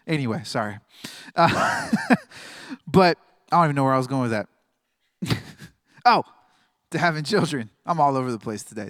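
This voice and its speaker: A man's voice: medium pitch, fairly bright tone, dry recording, clean studio sound. A man in his thirties giving a casual, rambling sermon as a pastor, joking and laughing often.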